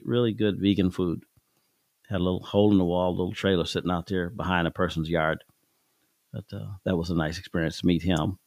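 Middle-aged man, low-ish voice, dry close sound; folksy, chuckling storyteller in a casual chat. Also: dry recording. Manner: folksy, chuckling, acts out voices in his anecdotes. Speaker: father telling life stories on his son's podcast.

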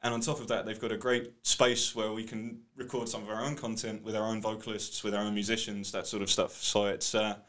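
A man's voice: lowish voice, flat delivery, fairly quick, few pauses, fairly bright tone. A man from Britain, a guest in a studio interview, talking casually and hesitantly with many fillers. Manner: hesitant, many "um"s and "you know"s. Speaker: guest, art company co-founder.

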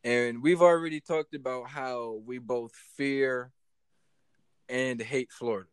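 A man's voice: medium pitch, fairly even intonation, slow pace, smooth, dry recording. A man co-hosting a casual podcast chat, talking animatedly, swearing and repeating himself as he jokes. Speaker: podcast co-host.

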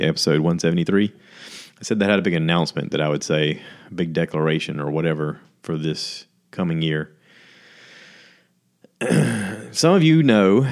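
A man hosting his own podcast, talking candidly and a little rambling in a self-deprecating, casual way. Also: low voice. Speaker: podcast host. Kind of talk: casual solo podcast monologue.

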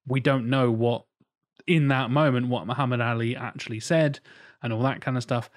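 A man's voice: mid-range voice, fairly even intonation, moderate pace. Blunt, sweary man in casual chat. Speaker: podcast co-host.

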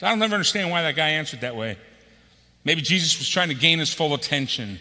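A man's voice: a little high, lively intonation, fast talker, pushed and bright. A man in his sixties, an executive pastor preaching a conversational sermon and acting out quotes with a raised voice. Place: church auditorium. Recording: long hall reverb.

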